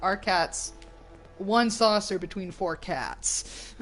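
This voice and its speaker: A woman's voice: medium pitch, animated, slow, a bit bright, faint music behind. A woman co-hosting a game stream, chatting playfully and laughing often. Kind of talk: casual chat. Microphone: desk microphone.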